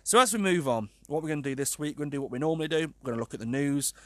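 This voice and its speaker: A man hosting a casual podcast monologue, animated and sweary, laughing at his own jokes. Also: on the high side, very fast, no room sound, clean studio sound. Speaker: podcast host.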